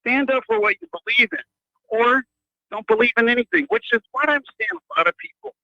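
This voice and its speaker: A man's voice: extremely high pitch, brisk, gravelly, dry recording. A man calling in to a radio show, rambling with many fillers and restarts. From United States. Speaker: caller. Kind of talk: rambling call-in rant. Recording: muffled phone line into radio.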